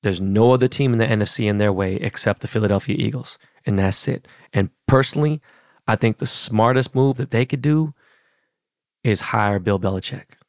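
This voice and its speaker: A man's voice: fairly low pitch, moderate pace, no room sound, studio quality. A middle-aged man hosting a podcast, ranting profanely and animatedly about football, acting out what players said. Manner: profane, animated, acts out quotes. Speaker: podcast host. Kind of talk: casual sports talk.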